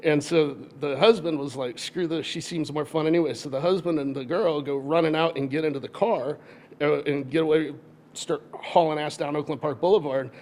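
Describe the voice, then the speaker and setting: Halting middle-aged man, higher voice. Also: darkish tone. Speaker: defense attorney. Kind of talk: casual storytelling chat.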